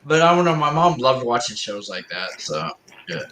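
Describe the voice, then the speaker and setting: A man's voice: mid-range voice, sing-song, moderate pace, a bit bright, slight background noise. A man hosting a live stream, chatting casually and rambling with lots of fillers and easy laughs. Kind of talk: casual chat. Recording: roomy echo.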